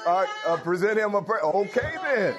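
A man's voice: sits high, lively intonation, normal speed, a crowd in the background. A man preaching a folksy call-and-response sermon, laughing and calling out hallelujahs.

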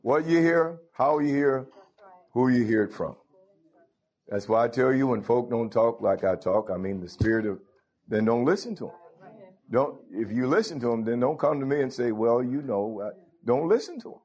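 A man's voice: mid-range voice, lively intonation, brisk, darkish tone, husky, lo-fi sound. Man preaching a fervent sermon. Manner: scripture-quoting, call-and-response exclamations.

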